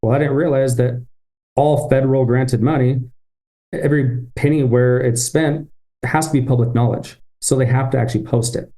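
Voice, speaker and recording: A man's voice: medium pitch, steady tone, moderate pace, dark tone. A man, a business-owner guest on a podcast, telling a story and acting out his own past thoughts and phone calls.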